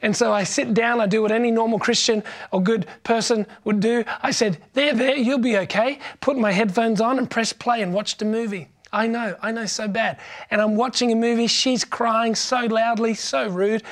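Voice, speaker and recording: High-voiced preacher telling a story. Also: male voice, steady tone, normal speed. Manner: conversational and humorous, frequent restarts. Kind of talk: sermon with personal storytelling.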